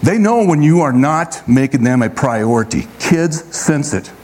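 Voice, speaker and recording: A man preaching a sermon to a congregation in a relaxed, conversational way, often checking in with his listeners. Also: on the high side, unhurried. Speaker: pastor.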